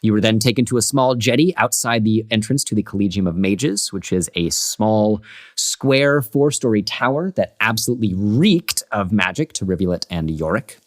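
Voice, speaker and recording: With a fairly low voice and lively intonation, a game master recaps the previous tabletop session at a moderate pace. He chats casually and rambles loosely, dropping fillers and laughing to himself.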